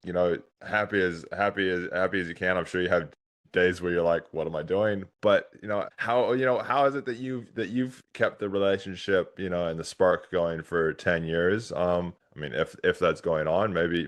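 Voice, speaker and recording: A man's voice: sits low, steady tone, moderate pace. A man hosting an interview, asking long rambling questions with many repeated words. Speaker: podcast host. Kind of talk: casual interview talk.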